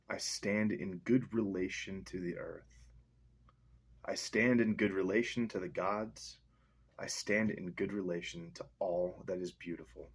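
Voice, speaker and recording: Husky-voiced man reading poems casually. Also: deep voice. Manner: chatty, joking asides. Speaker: vlogger reading poetry aloud. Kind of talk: casual chat and poetry reading.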